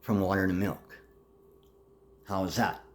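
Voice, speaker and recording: A man's voice: low voice, level tone, measured pace. A man delivering a rambling, agitated monologue full of threats, jumping between topics.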